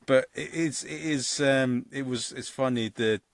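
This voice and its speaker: A male podcast host asks curious questions in an easygoing chat. His voice is recorded dry and close, with no room echo. His pitch is average, and he often stumbles over the first words of a question. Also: measured pace. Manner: curious, asking questions with repeated starts. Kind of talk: casual interview chat.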